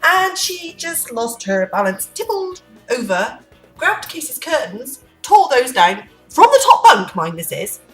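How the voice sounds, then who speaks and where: A woman's voice: high-pitched, very animated, a little slow, fairly bright tone. A woman chatting to camera in a vlog at home, unplanned, rambling and playful. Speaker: vlogger. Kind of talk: unplanned casual chat to camera. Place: room at home. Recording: echoey room, distant mic, faint music.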